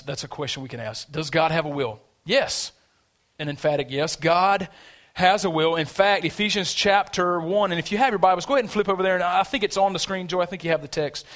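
A man's voice: on the high side, fairly bright tone. A man preaching a sermon in a church, conversational and emphatic, drawing the congregation in with questions. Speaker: pastor. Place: church sanctuary.

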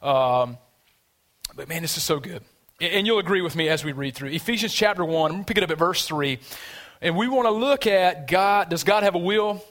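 Pastor guy preaching, kinda high voice, chatty and emphatic, asks the crowd stuff. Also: animated, brisk, a bit bright. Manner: conversational, emphatic preaching with call-and-response questions. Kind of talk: sermon. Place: church sanctuary.

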